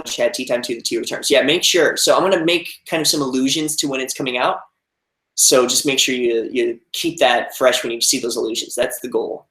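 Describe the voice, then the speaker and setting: A man's voice: mid-range voice, a bit bright. American man, young, casual live-stream chat, rambling with fillers, echoey room. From United States. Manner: rambling, many fillers and restarts. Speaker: vlogger reading live chat. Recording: roomy echo.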